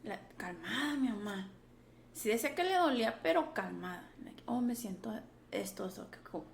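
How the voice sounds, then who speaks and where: Gravelly-voiced thirties woman, echoey room. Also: on the high side, fast talker. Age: 30s. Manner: relaxed storytelling, mixes English and Spanish, peppered with "like". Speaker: podcast co-host. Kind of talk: candid casual chat. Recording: echoey room with faint background noise.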